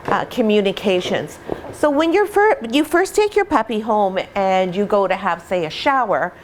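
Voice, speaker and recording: Recording an instructional vlog at home, a middle-aged puppy breeder talks with warmth and patience, occasionally putting on playful voices. Her voice is mid-range, and the audio carries a faint hiss or hum.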